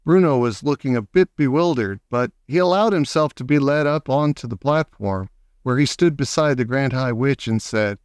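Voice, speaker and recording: A man reading a children's novel aloud with expressive, animated storytelling. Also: mid-range voice, normal speed, clear, resonant tone, no echo, studio quality. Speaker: audiobook narrator.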